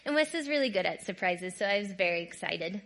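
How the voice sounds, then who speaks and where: A woman giving a candid personal testimony talk, conversational and often checking in with "right?", moving between soft, quiet passages and louder bursts. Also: medium pitch, animated, fast talker. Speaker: guest speaker.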